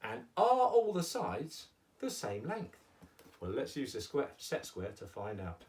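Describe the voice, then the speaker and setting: A man's voice: medium pitch, huge pitch swings, unhurried, a little mellow, distant mic. A man hosting a playful children's lesson on shapes, patient and teacherly with exaggerated emphasis. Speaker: children's educational host. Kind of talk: playful kids' lesson with puppets.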